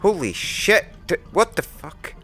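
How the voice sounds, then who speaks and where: A man's voice: high-pitched, very animated, a little slow, bright, forceful tone, slightly rough, faint music behind. Jumpy, sweary man gaming. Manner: jumpy, sweary, talks to himself. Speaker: gamer. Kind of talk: let's play commentary.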